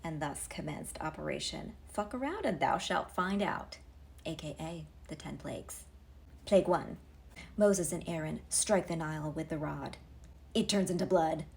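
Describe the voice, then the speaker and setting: A woman's voice: deep voice, animated, moderate pace, creaky, darkish tone. A woman giving a comedic retelling to camera, wry and sarcastic, full of pop-culture asides. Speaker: comedic storyteller.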